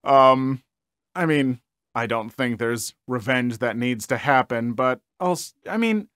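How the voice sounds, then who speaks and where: A man's voice: mid-range voice, lively intonation, unhurried, fairly bright tone, dry recording, studio quality. A young man reading online stories aloud and chatting about them casually, with lots of fillers. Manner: casual, rambling, many fillers. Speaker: story reader and commentator.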